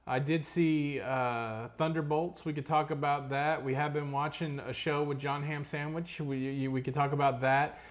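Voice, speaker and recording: A man's voice: on the high side, fairly even intonation, moderate pace, few pauses. A man co-hosting a casual live cruise question-and-answer stream, rambling and full of puns. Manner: jokey, rambling, punning.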